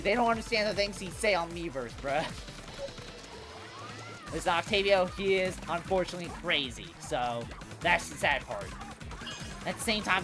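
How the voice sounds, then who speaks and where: A woman chatting on a live stream, her slangy talk sitting at an ordinary middle pitch. She keeps tossing in "bro" as she riffs between rounds. Game music plays loudly under her voice. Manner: slangy and animated, saying "bro" constantly. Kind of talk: casual livestream chatter over gameplay.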